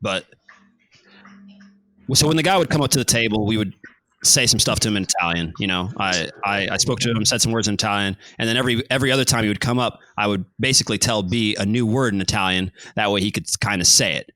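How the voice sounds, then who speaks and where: A man's voice: on the low side, quick pace, pushed and bright, no room sound. A man hosting a podcast, telling a rambling story in casual chat and laughing often. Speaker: podcast host.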